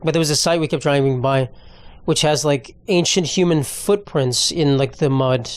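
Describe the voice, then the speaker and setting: A young man talks on his own comedy podcast in a loose, rambling monologue, tossing out profanity with offhand ease. His voice sits a touch high for a man, and the close mic keeps it dry with no room sound. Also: moderate pace, dry recording. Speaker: podcast host.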